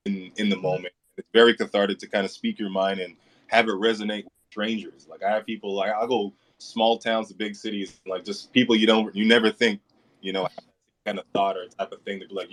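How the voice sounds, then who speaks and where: Easygoing low-voiced male comedian. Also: level tone, brisk. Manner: easygoing, self-deprecating, chuckles. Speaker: comedian guest. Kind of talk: casual storytelling.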